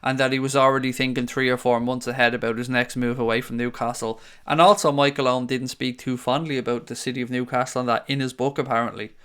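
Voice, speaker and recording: A man's voice: medium pitch, flat delivery, quick pace, hardly any pauses, a bit bright, smooth. A young man hosting a fan stream, reading the live chat aloud and answering viewers in a chatty, sweary way. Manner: chatty, swears freely, calls viewers mate.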